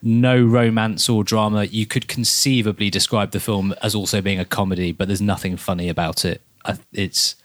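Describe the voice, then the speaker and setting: A man's voice: fairly low pitch, level tone, normal speed, few pauses, no room sound. A man from Guernsey on a podcast, giving blunt, dry criticism of a film in casual chat. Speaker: podcast co-host.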